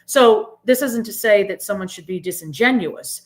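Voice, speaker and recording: A middle-aged woman speaks in an earnest, emphatic way as a podcast guest. She often ends her points with "right?". Her voice sits at an ordinary middle pitch. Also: moderate pace. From Boston area, US. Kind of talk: reflective interview talk.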